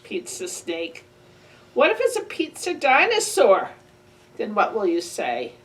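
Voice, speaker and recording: Librarian at storytime: a higher-voiced woman reading slowly to children, playful, recorded on a distant mic. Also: huge pitch swings. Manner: playful, animal sound effects. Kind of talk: reading a picture book aloud to children. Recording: distant mic with faint ambient noise.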